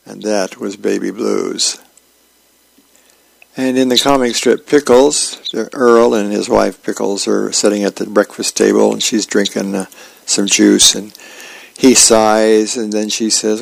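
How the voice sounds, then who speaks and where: A male radio host reading comic strips aloud in a relaxed, unhurried way. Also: fairly low pitch, vocal fry, no room sound, low-quality recording.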